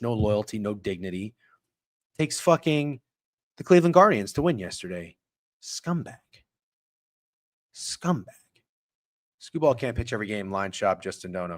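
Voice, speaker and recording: A man hosting a live sports betting stream, ranting with heavy swearing and swinging from muttered asides to loud outbursts. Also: fairly low pitch, dry recording. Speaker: sports betting show host.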